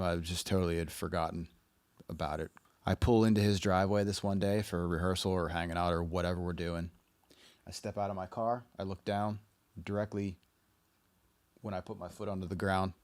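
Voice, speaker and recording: A man's voice: low-pitched, fairly even intonation, normal speed, pauses often, darkish tone, dry recording. A man co-hosting a casual podcast, telling a rambling story full of filler words. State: out of breath. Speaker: podcast co-host. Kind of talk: casual chat. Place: his apartment in Los Angeles.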